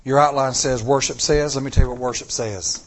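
A man preaching a sermon in an emphatic style, slowing down on key words and calling out to the congregation. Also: mid-range voice, steady tone. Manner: emphatic, slows down on key words, call-and-response. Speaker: pastor.

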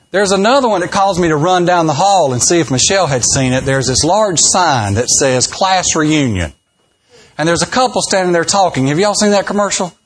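A man's voice: fairly high pitch, slightly rough. A man, a pastor telling jokes and folksy stories in a sermon. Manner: folksy, joking, acts out quoted voices. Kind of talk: humorous sermon storytelling.

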